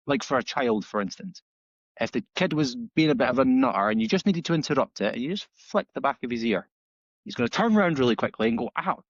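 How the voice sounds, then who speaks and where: A man, a dog trainer guest on a podcast, telling stories in a casual, animated way and acting out the dialogue with many restarts. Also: medium pitch, dry recording. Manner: animated storytelling, acts out dialogue with frequent restarts. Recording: slightly dull, dry audio.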